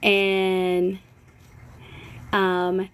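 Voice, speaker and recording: A woman's voice: medium pitch, monotone, very slow, clear, resonant tone. A young woman hosting a casual live stream, gossiping and speculating in a playful, cheeky way while answering comments from viewers. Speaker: livestream host.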